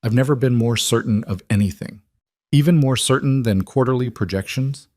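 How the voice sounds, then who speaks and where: A man doing a gentle, steady businesswoman. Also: medium pitch, normal speed, dry recording, studio quality, pitched above the performer's own voice, lightly acted. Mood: tender. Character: caring young adult businesswoman, gentle and steady. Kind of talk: storybook reading.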